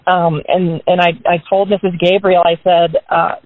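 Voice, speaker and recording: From a parked car, a woman gives her business team a casual motivational pep talk over a group call, her fairly low voice level in tone and normal in speed. She's chatty and upbeat, often turning statements into questions for her listeners. The sound is narrow, tinny and phone-like, completely dry with no room sound.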